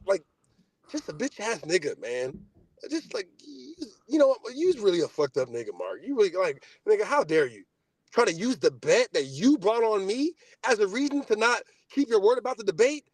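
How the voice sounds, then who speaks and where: A young man hosting a podcast, ranting in a boastful, profane, casual way, swinging between loud outbursts and low mutters. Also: no room sound. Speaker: podcast host. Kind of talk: heated casual podcast rant.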